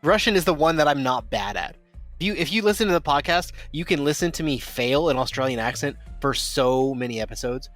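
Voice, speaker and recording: A man's voice: fairly high pitch, a little fast, soft background music. Laid-back man running a tabletop game. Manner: relaxed, rambling explanations with restarts. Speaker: game master.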